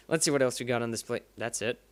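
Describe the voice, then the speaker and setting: A man's voice: medium pitch, a little fast. Rambling sarcastic man commenting on gameplay. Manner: rambling, sarcastic, emphatic bursts. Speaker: gaming YouTuber. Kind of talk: casual playthrough commentary.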